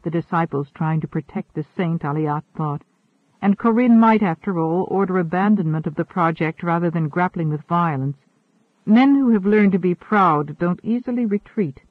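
A man reading a novel aloud in a measured, even narration. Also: high voice, dry recording. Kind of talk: audiobook narration. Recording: narrow phone-like sound.

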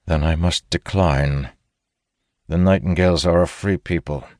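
Calm diplomatic lord, measured and serious, low dry voice, guy reading it. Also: no echo. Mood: earnest. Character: diplomatic careworn male lord protector.

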